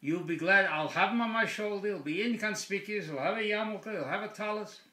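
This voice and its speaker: A man's voice: high voice, sing-song, moderate pace, sharp tone, voice pushed up, heavily acted. A man voicing a lonely, earnest old widower who talks in a pleading way. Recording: echoey room.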